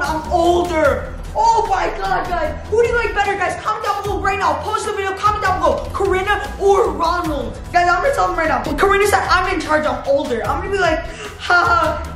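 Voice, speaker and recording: A young woman vlogging to her viewers, excitable and laughing as she reads text messages aloud. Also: very high-pitched. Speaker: youtuber. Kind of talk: reading texts aloud to camera. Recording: echoey room with music behind.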